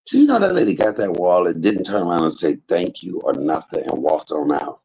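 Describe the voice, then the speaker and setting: Male streamer, husky and rasping, lively pitch, emphatic preachy testimony. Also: fairly quick, low-quality recording. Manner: emphatic, preachy storytelling with religious exclamations. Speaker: live streamer talking to viewers. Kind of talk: casual spoken testimony to a live chat.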